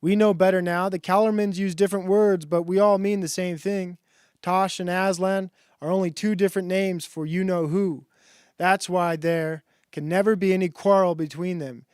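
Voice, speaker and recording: A man's voice: high voice, steady tone, moderate pace, a little mellow, clear, resonant tone, no room sound, studio quality, lightly acted. A man voicing a domineering male ape from a storybook, drawing out his sneering lines. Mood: scornful.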